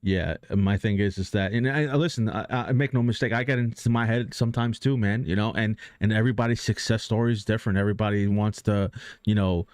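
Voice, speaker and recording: A male streamer talks to his chat in a low voice that sounds dry and close. He rambles earnestly about motivation, full of fillers and restarts, with casual swearing. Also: quick pace, darkish tone, clean tone, no room sound.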